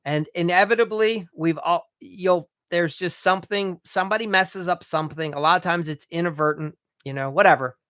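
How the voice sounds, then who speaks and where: A man runs a live training for remodelers, his voice bright and forward. He talks bluntly, swears now and then, and trips over restarts when he gets fired up. The recording is close and dry. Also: sits high, normal speed, few pauses, clean tone, dry recording. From United States. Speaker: remodeling business coach.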